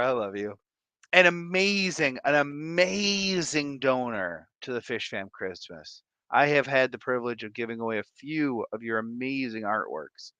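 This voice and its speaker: Lively, bright-voiced man hosting a stream. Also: medium pitch, no echo. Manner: animated and playful, jokey asides to chat. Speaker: livestream host. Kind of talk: casual live stream chat, reading viewer comments.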